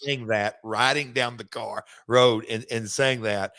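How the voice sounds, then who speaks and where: Man, played clip, casual reminiscing, rambling, halting restarts. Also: mid-range voice, fairly even intonation, fairly bright tone.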